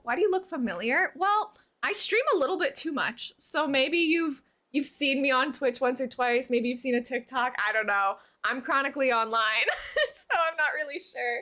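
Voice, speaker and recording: A woman's voice: high voice, expressive, moderate pace, bright, forceful tone. A young woman streaming from her room at home, chatting casually with viewers and talking to her cat in a baby voice, with hiccups. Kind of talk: casual live-stream chat.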